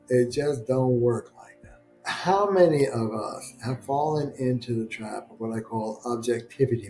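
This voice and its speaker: A man's voice: medium pitch, mellow, rough recording. An older man talking straight to the camera as a couples therapist, chatty and wry, sometimes playing both sides of a quarrel. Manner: conversational, acts out both sides of a couple's argument. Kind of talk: direct-to-camera talk.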